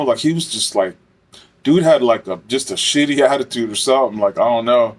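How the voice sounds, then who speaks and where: A man's voice: mid-range voice, normal speed. A man and former correctional officer telling a casual story, rambling and swearing with lots of fillers. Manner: rambling, profane, many fillers.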